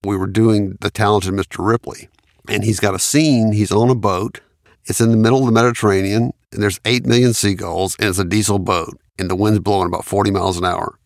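A man's voice: lowish voice, fairly even intonation, brisk, dry recording. A man, a studio engineer and producer telling anecdotes in an interview and laughing often. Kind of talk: storytelling in an interview.

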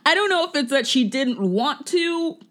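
A woman's voice: high-pitched, lively intonation, normal speed, a bit bright. A woman co-hosting a podcast, chatting about a film in a loose way, full of "like" and laughter. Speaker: podcast co-host. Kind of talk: casual film commentary.

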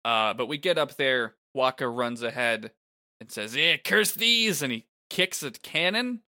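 A man's voice: medium pitch, lively intonation, a little slow, pushed and bright. A man co-hosting a casual podcast, rambling and laughing as he recaps a game. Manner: rambling, laughing, with lots of fillers.

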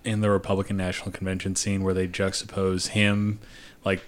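A man's voice: low voice, monotone. A young man co-hosting a movie podcast, talking casually with jokes and fillers. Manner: joking, quick asides, filler words. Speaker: podcast co-host. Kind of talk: casual chat.

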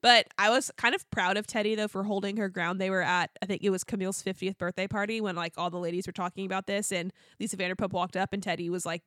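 A woman's voice: medium pitch, fairly even intonation, fast talker, hardly any pauses, fairly bright tone, no echo, clean studio sound. A young woman co-hosting a podcast in casual chat, retelling TV scenes with lots of laughter. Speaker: podcast co-host.

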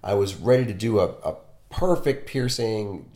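Low gravelly guy, piercer, chatting frankly about a bad client, roomy echo. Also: lively intonation, normal speed, mellow. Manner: candid storytelling, self-deprecating. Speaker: body piercer. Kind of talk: casual conversation. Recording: echoey room.

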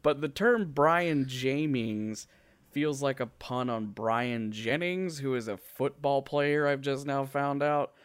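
A man's voice: medium pitch, slow, smooth, no echo. Sarcastic man with a dry, close sound. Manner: rambling, sarcastic, swears freely. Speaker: podcast co-host. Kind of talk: casual comedic chat.

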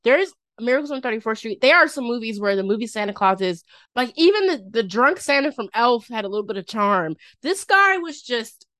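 A woman's voice: a little high, sing-song, brisk, hardly any pauses, a bit bright, dry recording, studio quality. A young woman hosting a podcast, talking in a casual, rambling way full of "like" and little laughs. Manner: rambling, filler-heavy, giggly. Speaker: podcast host. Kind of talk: casual chat.

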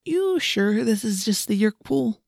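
A woman's voice: on the high side, expressive, moderate pace, a little mellow, husky, dry recording, clean studio sound, voice pushed up. A woman doing a jittery, shaky-voiced teenage boy. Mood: nervous. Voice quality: shaky, whispery. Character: nervous wisecracking teenage boy.

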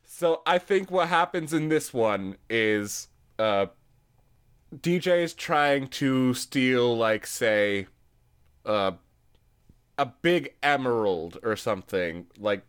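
A man on a podcast in relaxed casual chat, talking in a slow, drawn-out way at a middle pitch. He builds silly scenarios step by step and laughs easily. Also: clean tone. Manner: joking, laughs often, drawn-out storytelling. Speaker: podcast guest.

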